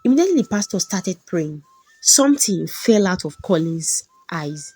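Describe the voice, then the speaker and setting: A woman narrating a folktale in a brisk, plain manner. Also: on the low side, animated, a little mellow, slightly rough, soft background music. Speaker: storyteller.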